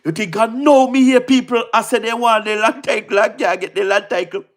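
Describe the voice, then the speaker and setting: A political commentator with a Jamaican accent gives a casual, fervent, repetitive monologue, blending patois with standard English and repeatedly checking in with the listener. The voice is mid-range and steady in tone, moving a little fast.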